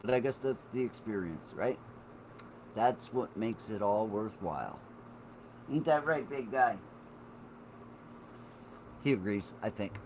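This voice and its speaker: A man's voice: fairly low pitch, lively intonation, slow, pauses often, darkish tone, a little hiss or hum. A man in his forties chatting on a live stream, rambling and swearing while he talks to his viewers. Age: 40s. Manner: rambling and profane, talking to chat viewers. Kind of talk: casual live-stream chat.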